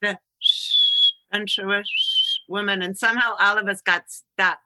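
A woman's voice: medium pitch, steady tone, brisk, sharp tone, no echo, low-quality recording. A middle-aged woman hosting a casual interview, chatty and storytelling, laughing often and swearing freely. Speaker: podcast host.

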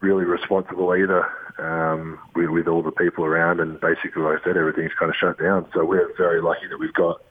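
An Australian man, a basketball player, talking from a room at home in a relaxed, rambling way with lots of ums and restarts. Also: sits low, fast talker, hardly any pauses, breathy edge. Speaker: guest, professional basketball player. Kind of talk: casual interview over the phone. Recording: tinny phone line.

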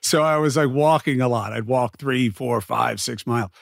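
A man's voice: medium pitch, normal speed, gravelly, no echo, studio quality. A man hosting an interview, asking questions and telling stories in a chatty way full of fillers. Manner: chatty storyteller, lots of fillers. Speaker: interviewer host. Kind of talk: casual interview chat.

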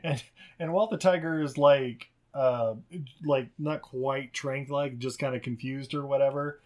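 A man's voice: medium pitch, steady tone, unhurried, a little mellow. A man co-hosting a podcast, casually recapping a movie in a rambling, profane way, laughing often. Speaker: podcast co-host.

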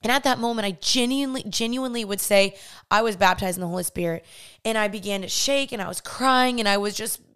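Young woman podcast host, clear smooth voice, earnest and candid, chatty faith testimony. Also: mid-range voice, quick pace, fairly bright tone. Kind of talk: personal faith testimony, casual storytelling.

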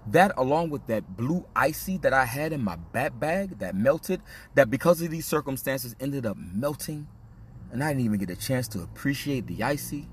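A man's voice: mid-range voice, lively intonation, moderate pace, a little hiss or hum. A man hosting a podcast, telling a personal story in a casual, slang-heavy, confessional way. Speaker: podcast host. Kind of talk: candid storytelling monologue.

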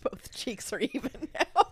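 A woman's voice: very high-pitched, no room sound. A middle-aged woman co-hosting a podcast in a casual chat, reading from notes and laughing often. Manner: warm, laughs often between remarks. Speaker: podcast co-host.

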